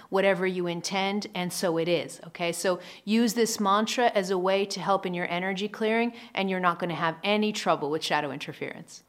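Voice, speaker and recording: Woman doing a spiritual teaching video, earnest, keeps saying okay?. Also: mid-range voice. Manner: earnest, repeats "okay?" often.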